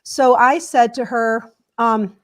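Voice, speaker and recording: A woman's voice: a little high, fairly even intonation, takes it slowly. A woman guest in an interview, retelling a conversation step by step. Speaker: guest, culture change consultant. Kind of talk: storytelling in an interview.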